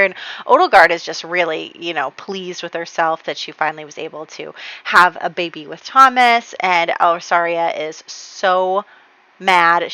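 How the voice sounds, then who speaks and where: A young woman who hosts a gaming channel chats her way through a life-simulation game in a casual let's-play, giggling often and using lots of fillers. Her voice sits on the low side and sounds pushed, bright, and smooth. The recording is dry with no echo and slightly dull and lo-fi.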